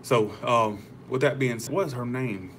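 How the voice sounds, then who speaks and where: A man's voice: medium pitch, moderate pace, a bit bright, a little hiss or hum. A young man hosting a tarot livestream, chatting casually with viewers, rambling and swearing freely.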